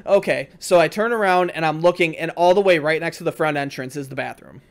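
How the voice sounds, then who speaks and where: Animated, foul-mouthed young man telling a story. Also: on the high side, a little fast. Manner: animated, swears freely, acts out quoted voices. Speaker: podcast host. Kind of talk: casual storytelling among friends.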